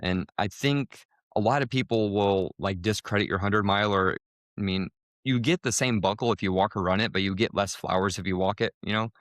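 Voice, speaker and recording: A man co-hosting a podcast, telling a race story casually, with lively jumps in pitch when he quotes people. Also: fairly quick, no room sound, clean studio sound. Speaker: podcast co-host.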